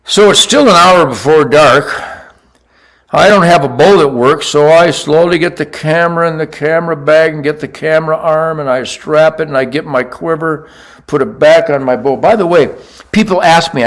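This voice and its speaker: An older man casually telling a hunting story as host, boastful and animated, swinging between loud outbursts and quiet mutters. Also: fairly high pitch, moderate pace.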